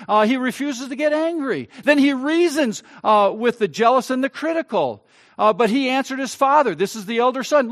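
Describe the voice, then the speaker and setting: A man pastor preaching a sermon, swinging between loud, emphatic stretches and quiet, soft ones. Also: very high voice, expressive, normal speed.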